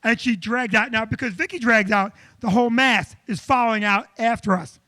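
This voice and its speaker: A man co-hosting a live comedy show, telling a long church story with loud acted-out quotes. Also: very high-pitched, a little fast, no echo. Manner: animated, loud, acts out quotes. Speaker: comedian co-host. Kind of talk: comic storytelling.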